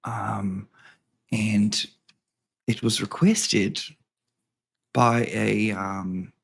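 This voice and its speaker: Extremely slow and steady in tone, a man with a lowish voice, vocal fry and a breathy edge hosts a casual home vlog. He rambles, jokes and swears a great deal while reading aloud.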